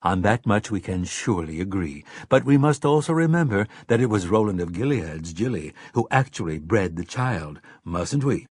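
A man's voice: lowish voice, animated, normal speed, hardly any pauses, a little mellow, no echo, studio quality. A man doing a suave, mocking villain. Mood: condescending. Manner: smooth, condescending. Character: suave sinister male vampire lord, mocking.

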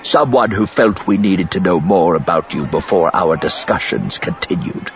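A man voicing a smooth, menacing male crime boss who speaks quietly in clipped, hissing words. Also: sits low, normal speed, lo-fi sound. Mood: calculating.

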